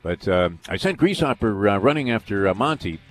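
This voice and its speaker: Low-voiced rambling sports radio host. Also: male voice, sing-song, brisk, soft background music. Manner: rambling anecdotes with many fillers and restarts. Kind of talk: casual storytelling on sports radio.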